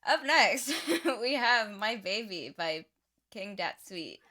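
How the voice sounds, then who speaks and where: A woman's voice: medium pitch, lively intonation, slow, bright, forceful tone. A woman co-hosting a live stream in a casual, playful way, teasing her co-host and laughing between lines.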